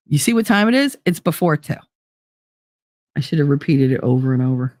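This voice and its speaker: A woman's voice: low-pitched, lively intonation, brisk, pauses often, darkish tone, dry recording, studio quality. A woman in her forties hosting a casual live-chat show, chatty and teasing, laughing often as she reads comments. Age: 40s. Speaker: host.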